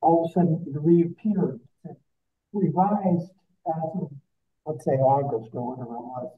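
A man's voice: a little high, normal speed, a little hiss or hum. Man on a tinny phone-like line. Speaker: board trustee. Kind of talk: public board meeting.

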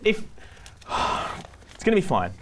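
A man's voice: high-pitched, huge pitch swings, measured pace, a little hiss or hum. A man hosting a comic late-night studio show, rambling and interrupting himself in a playful way.

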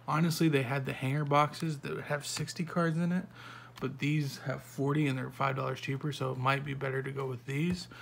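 A man hosting a home card-opening video, reading off player names one by one with quick offhand remarks in a soft-spoken way. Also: mid-range voice, little pitch movement, gravelly, a little hiss or hum. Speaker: card-opening channel host. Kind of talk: casual card-opening commentary.

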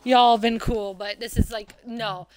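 A gaming host plays a horror game on her channel, panicking, swearing, and begging both the game and a friend. Her voice sits high with lively intonation and a brisk pace, and the recording is very noisy, with loud game music behind her.

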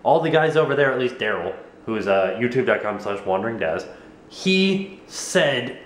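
A man's voice: medium pitch, big pitch swings, normal speed. A young American man vlogging at home in a goofy, rambling, jokey way. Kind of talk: casual vlog chat to camera. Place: home living room. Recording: echoey room.

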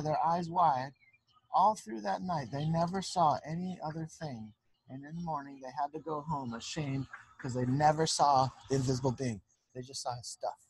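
A man's voice: on the high side, breathy edge, low-quality recording. A man reading a picture book aloud to children, chatty, stopping to explain words as he goes. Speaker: storytime reader for children. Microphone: handheld mic, briefly dropped on the ground.

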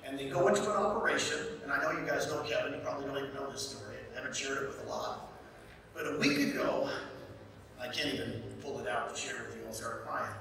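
A man's voice: mid-range voice, fast talker, vocal fry, slight background noise. A man giving a motivational stage talk to a conference crowd, telling stories with emphatic repetition. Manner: energetic, storytelling, emphatic repetition. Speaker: motivational speaker at a real estate event. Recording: echoey hall, mic from a distance.

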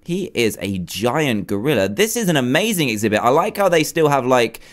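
A man hosting a game video, commenting excitedly with frequent gushing exclamations. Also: medium pitch, brisk. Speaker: gaming video host. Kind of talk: let's play commentary.

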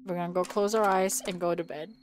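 A woman's voice: lowish voice, steady tone, fast talker, slight background noise. Giggly woman doing let's-play commentary. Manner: jokey, giggly reactions to the game. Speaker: video game streamer.

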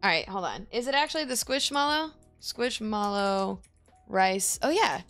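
A woman's voice: high voice, very animated, brisk, pushed and bright, soft background music. A woman livestreams from her home gaming setup, chatting loosely with friends between rounds. Her talk is playful and joking, with a light teasing edge. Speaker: streamer. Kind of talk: casual livestream chat while gaming.

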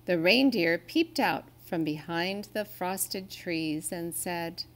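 A woman reading a children's story aloud in a gentle, expressive storytelling way. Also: lowish voice, slow pace, few pauses.

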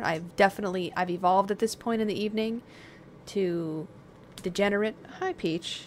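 A woman's voice: medium pitch, normal speed, slight background noise. A woman streamer chatting casually while gaming, playful and sarcastic.

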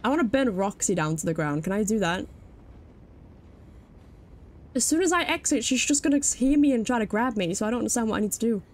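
A woman's voice: on the high side, lively intonation, fast, pauses often. Jumpy British woman streaming a game. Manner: jumpy, swears freely, talks to chat while playing. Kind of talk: live gameplay commentary.

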